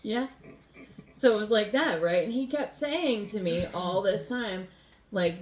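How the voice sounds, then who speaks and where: A woman's voice: mid-range voice, unhurried. A woman from the USA co-hosting a casual home podcast, rambling with lots of fillers and laughing easily. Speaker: podcast co-host. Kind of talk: casual chat. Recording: roomy home recording.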